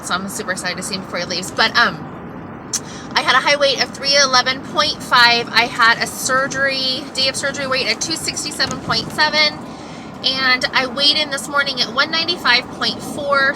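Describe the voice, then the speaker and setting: A woman vlogging from inside her car in a candid, excitable, rambling way. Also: high voice. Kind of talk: casual chatty update. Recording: car noise behind voice.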